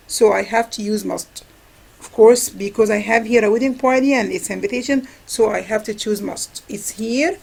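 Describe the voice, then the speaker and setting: A woman's voice: a little high, gravelly, husky, rough recording. A woman whose first language is Arabic, teaching an English grammar review lesson and answering her own questions. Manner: asks questions and answers them herself, repeats key words.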